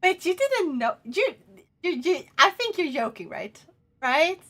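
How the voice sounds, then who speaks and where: Excitable high-voiced Swedish woman streamer. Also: unhurried. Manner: excitable, swears freely, loud bursts of laughter. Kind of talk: casual live-stream chat.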